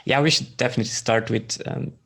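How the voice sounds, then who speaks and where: A man's voice: medium pitch, steady tone, quick pace, vocal fry, a bit bright. A man moderating an online panel, introducing guests in a friendly way. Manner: friendly, laughs often. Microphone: video call.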